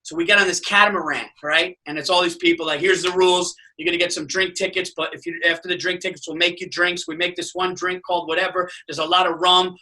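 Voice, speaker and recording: A man's voice: on the high side, distant mic, poor audio. A man telling a long, profane story in casual podcast chat, acting out the voices of the people in it. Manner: animated storyteller, profane, acts out quotes. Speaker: podcast guest.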